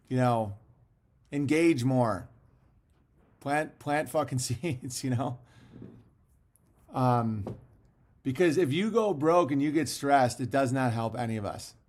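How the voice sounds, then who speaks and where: A man hosting a casual livestream and reading viewer messages, talking in a profane, rambling way with frequent laughs while fasting. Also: medium pitch, a little mellow.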